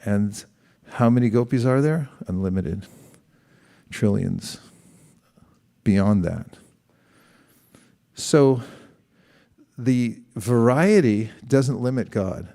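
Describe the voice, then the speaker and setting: A man's voice: medium pitch, lively intonation, slow, gravelly, pauses often, mellow. A middle-aged man giving a conversational sermon, asking the audience questions and acting out quoted exchanges. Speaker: spiritual teacher.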